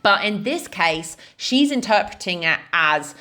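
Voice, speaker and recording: A woman's voice: mid-range voice, animated, measured pace, few pauses, sharp tone. A woman in her thirties, a fitness coach, explaining in a casual, chatty way with lots of "like" and "right?". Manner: chatty, frequent "like" and "right?" fillers.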